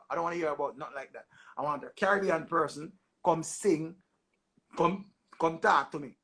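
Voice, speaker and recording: A young man with a Jamaican accent, hosting a casual livestream and bantering in animated patois, often repeating himself. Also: on the high side, normal speed, breathy edge. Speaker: livestream host. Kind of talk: casual livestream chat with callers.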